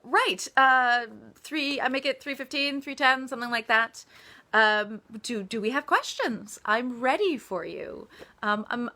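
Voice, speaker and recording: An American woman with a crisp, bright voice sitting a little above the usual pitch for a woman. She chats casually with fans in a live Q&A about her writing. She laughs often and pokes fun at herself. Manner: giggly, self-deprecating, chatty. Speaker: author.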